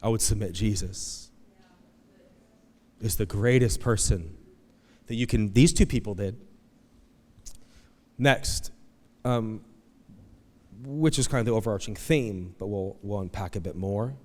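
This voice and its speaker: A man preaching a sermon as pastor, animated, breaking into loud, high outbursts as he acts out pleading voices from the story. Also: measured pace, long pauses, long reverb tail. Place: church auditorium.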